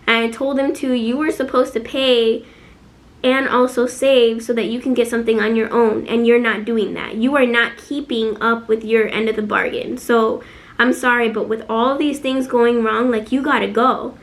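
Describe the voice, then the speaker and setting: A woman's voice: a little high, steady tone, normal speed. A young woman from Chicago with a Chicago accent, telling a personal storytime vlog. She talks emotionally, fills her speech with "like" and acts out the other people's quotes. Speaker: vlogger.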